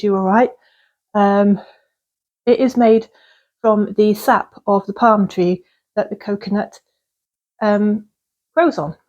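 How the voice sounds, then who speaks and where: Chatty woman vlogger, slightly husky, casual kitchen talk, rambling and easygoing. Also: mid-range voice, darkish tone. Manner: chatty and rambling, with fillers and small laughs. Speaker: vlogger baking at home. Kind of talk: casual cooking vlog chat. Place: cottage kitchen.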